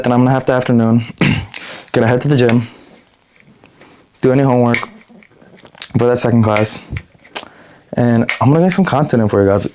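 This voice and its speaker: A young man talking straight to camera in an unedited vlog, blunt and profane, rambling with restarts and a pace that speeds up and slows down. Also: mid-range voice, darkish tone. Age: young adult. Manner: quick, shifting pace; frequent restarts and self-corrections. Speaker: vlogger.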